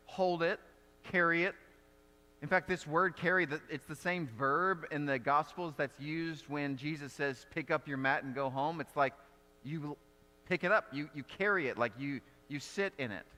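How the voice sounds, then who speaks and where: A man's voice: on the high side, bright, forceful tone, in a large hall. A male pastor giving a sermon in an earnest, conversational way, restarting phrases often.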